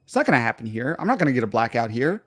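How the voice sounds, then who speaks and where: A man co-hosting a casual podcast, talking fast and swearing as he rants. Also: medium pitch, dry recording, studio quality. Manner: animated, swears a lot, ranting banter. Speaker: podcast co-host. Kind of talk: casual chat.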